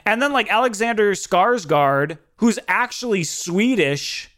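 A man's voice: high-pitched, a little slow. A young adult man co-hosting a podcast, chatting casually and jokingly about a film. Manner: animated, jokey, recapping plot. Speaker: podcast co-host.

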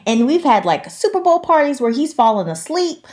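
Woman cohost, emphatic, real talk, animated chatting. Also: sits high, moderate pace. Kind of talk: casual chat.

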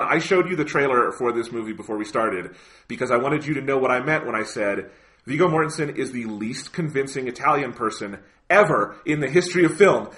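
A man co-hosting a podcast in casual chat, animated and swearing freely, with lots of "like" and "you know". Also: mid-range voice. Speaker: podcast co-host.

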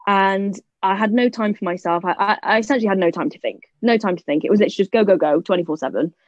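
A woman's voice: mid-range voice, a little mellow, no echo, dull audio. A young woman, a guest telling her story in a casual interview, chatty and full of "like" and "literally". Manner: chatty storytelling, quick asides, many "like" and "literally" fillers.

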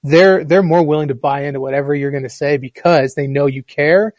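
A man with a somewhat raised pitch speaks sincerely about teaching, measured and thoughtful. His voice is captured dry and up close. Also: a little mellow, no room sound. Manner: earnest, reflective. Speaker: teacher and guest. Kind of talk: casual conversation.

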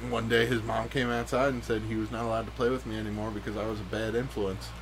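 A man's voice: fairly low pitch, level tone, fast talker, music in the background, poor audio. A young man co-hosting a casual podcast, telling wry stories about his childhood and joking with his friends. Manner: wry storytelling, laughing asides. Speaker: podcast co-host. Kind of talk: casual joking group chat.

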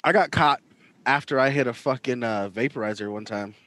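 A man's voice: mid-range voice, brisk. A young man co-hosting a podcast, telling stories in casual chat and acting out the people in them. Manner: animated, acts out quotes with big swings in voice. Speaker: podcast co-host.

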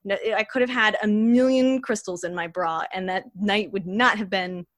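A young adult woman telling a personal story as a podcast guest, in a chatty, animated way with many fillers. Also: medium pitch, moderate pace, no echo, studio quality. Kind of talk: casual storytelling.

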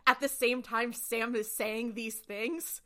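A young woman co-hosting a podcast, retelling a TV episode in a quick, lively way and acting out the characters' lines. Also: a little high. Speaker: podcast co-host. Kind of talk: casual recap chat.

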